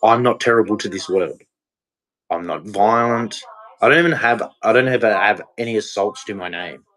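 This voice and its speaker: A man's voice: fairly low pitch, moderate pace, a bit bright, low-quality recording. An Australian man with a blunt, profane, confrontational manner, ranting in a monologue to camera. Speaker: vlogger.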